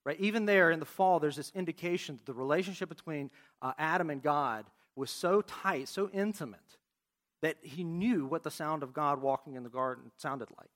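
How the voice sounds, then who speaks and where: A man preaching a sermon, reading scripture aloud and asking the congregation questions in an expressive way. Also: on the high side, normal speed. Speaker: pastor.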